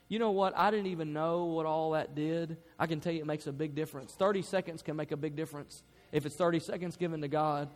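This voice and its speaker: A man preaching a sermon as pastor, building to loud emphatic peaks and dropping to soft, quiet passages. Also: a little high. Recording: long hall reverb.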